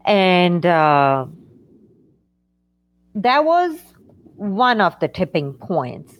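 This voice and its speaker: Middle-aged woman sharing a hard personal story in an interview, kinda low voice, lots of ums and restarts. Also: big pitch swings, dry recording. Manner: halting, with frequent fillers and restarts. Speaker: interview guest. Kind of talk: emotional personal story in conversation.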